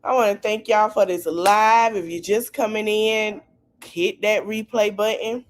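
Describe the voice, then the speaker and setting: Easygoing lady wrapping up a live, talks slow. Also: mid-range voice, steady tone, slight background noise. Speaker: livestream co-host. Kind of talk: casual livestream talk.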